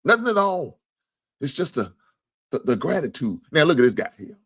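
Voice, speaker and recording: A man's voice: on the high side, very animated, normal speed, a bit bright, husky. A man hosting a casual sports talk livestream, joking, swearing freely and thanking viewers for donations. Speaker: sports talk show host.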